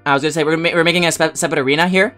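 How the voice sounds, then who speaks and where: A male streamer hosts a casual gaming livestream through a headset mic, his voice on the high side and rapid-fire with a clean tone. He's excitable and swears, swinging between mock rage and cheerful chat while soft music plays in the background.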